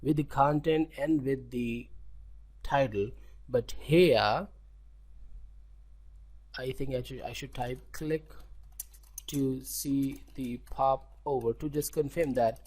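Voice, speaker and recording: A man with an Indian accent and a medium-pitched, darkish voice narrates a screen-recorded coding tutorial. His delivery is halting; he often restarts, corrects himself, repeats words, and keeps checking in with "okay?"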